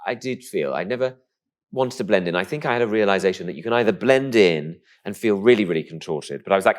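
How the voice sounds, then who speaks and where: A man from England with a posh-sounding voice, telling stories in a camp, animated way as a guest in an interview. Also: lowish voice, fast talker. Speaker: comedian guest. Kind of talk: casual interview chat.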